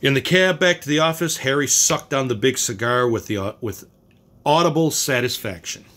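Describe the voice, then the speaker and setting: A man's voice: medium pitch, moderate pace, a bit bright. A man reading a short story aloud in a plain way, now and then stumbling and restarting a phrase. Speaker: story reader.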